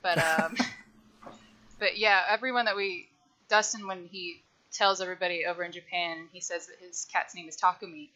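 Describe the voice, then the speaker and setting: Woman, lowish bright voice, chatty storyteller, lo-fi mic. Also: steady tone, moderate pace. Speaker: podcast panelist. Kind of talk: casual chat. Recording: dull lo-fi mic.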